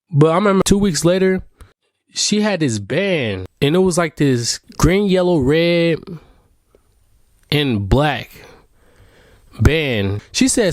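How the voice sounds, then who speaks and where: A young man rambling through a personal story in loose slang, full of "like" and "um." His voice sits slightly high for a man. The sound is dry and close, with no room echo. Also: very animated, normal speed. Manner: rambling, slangy, many fillers.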